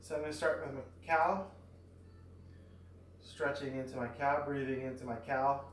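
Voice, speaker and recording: A tired fitness vlogger, worn out after exercise, records a casual exercise vlog at home near a backyard. His mid-range voice comes from far across a roomy space at normal speed, with slight background noise, as he rambles relaxedly with many fillers.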